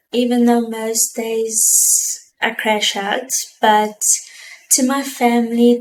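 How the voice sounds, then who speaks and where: A woman's voice: fairly high pitch, darkish tone, slight background noise, low-quality recording. A young South African woman talking to camera in a heartfelt, reflective personal vlog. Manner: earnest, heartfelt, slow and thoughtful. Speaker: vlogger.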